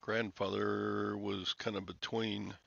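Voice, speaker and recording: Older man, livestream host; bright, forceful gravelly voice, slow rambling chat. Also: fairly low pitch, little pitch movement, no room sound. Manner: rambling, chuckling, sighing. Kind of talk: casual chat with viewers. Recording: dull lo-fi, dry sound.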